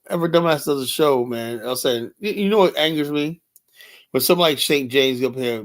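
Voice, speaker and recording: A man's voice: medium pitch, a bit bright. Casual older guy on a livestream, rambles, says "you know" nonstop, swears freely. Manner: rambling, blunt, profane, many "you know" fillers. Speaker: livestream host. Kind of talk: casual livestream talk reading chat.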